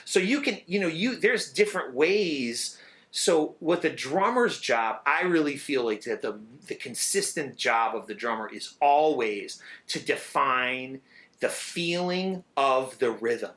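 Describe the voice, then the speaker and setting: A middle-aged man, a drummer, talking in a casual interview, animated and swearing freely as he sings out rhythms. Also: medium pitch, a little slow.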